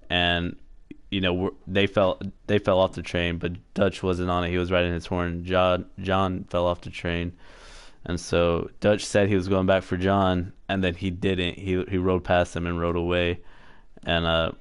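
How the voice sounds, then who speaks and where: A man with a deep voice recaps a game's story in casual commentary. His delivery is flat and meandering, full of fillers, restarts and offhand swearing. The sound is smooth and dry, close to the mic. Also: no room sound. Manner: rambling story recap with fillers and self-corrections; profane, offhand. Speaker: gameplay streamer.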